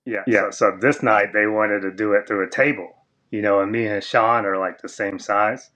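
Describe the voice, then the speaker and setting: A man, a former wrestler, telling a long story as a podcast guest, with lots of fillers, and he jumps high and loud when he quotes other people. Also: fairly even intonation, normal speed. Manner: rambling, filler-heavy, acts out quoted voices high and loud. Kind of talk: casual storytelling interview.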